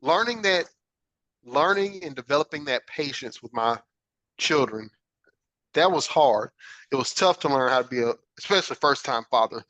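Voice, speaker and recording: A man's voice: mid-range voice, expressive, normal speed, a bit bright, dry recording, lo-fi sound. A man hosting a podcast, earnestly telling a personal story and often checking in with "right?". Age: adult father. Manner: earnest, reflective, frequent "right?" check-ins. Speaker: podcast host.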